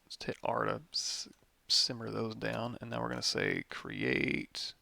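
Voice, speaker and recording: Tired, gravelly man with heavy fry. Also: on the low side, big pitch swings, measured pace, pushed and bright, dry recording. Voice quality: vocal fry. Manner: rambling, thinks aloud while clicking through menus. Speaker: 3D modeling instructor. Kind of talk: live software tutorial.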